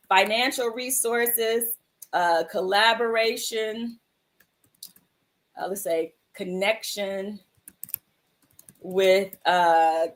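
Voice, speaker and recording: A woman with a mid-range, slightly bright voice casually chats with viewers while hosting a livestream mindfulness show. She's affectionate and encouraging, addressing them as "my love" and "sis."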